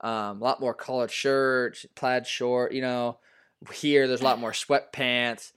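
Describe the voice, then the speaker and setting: A man's voice: mid-range voice, fairly even intonation, fairly bright tone, clean tone. A young man, a baseball player, talking casually as an interview guest with many fillers and restarts. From US Pacific Northwest. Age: young adult. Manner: halting, full of fillers and restarts.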